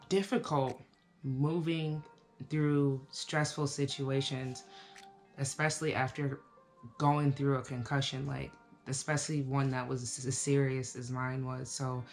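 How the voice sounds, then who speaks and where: A woman in her thirties giving a casual, reflective life update to camera, talking slowly with many fillers. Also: extremely low pitch, faint music behind. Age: 30s. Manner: relaxed, reflective, with frequent fillers. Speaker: vlogger.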